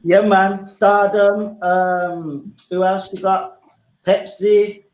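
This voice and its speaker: A man from the English Midlands joins a live boxing watchalong remotely and jokes playfully with the panel. His voice is quite high, and his audio sounds dull and roomy, with a noticeable echo. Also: flat delivery, drawn-out words, darkish tone. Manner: playful, jokey. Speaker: guest panelist. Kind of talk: casual live watchalong chat.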